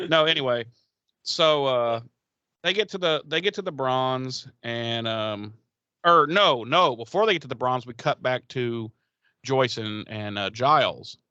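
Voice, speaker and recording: A man's voice: medium pitch, unhurried, pushed and bright, clear, resonant tone, dry recording, muffled recording. A man casually recapping a TV episode on a podcast, rambling, swearing and acting out the characters' lines. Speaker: podcast co-host.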